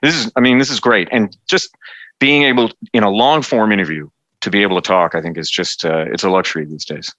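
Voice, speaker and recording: Middle-aged Canadian male guest, lively, halting chat, bright dry tone. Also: on the low side, dry recording, highs cut off. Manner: animated, stumbling restarts, acts out quotes. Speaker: federal cabinet minister, interview guest. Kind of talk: casual interview chat.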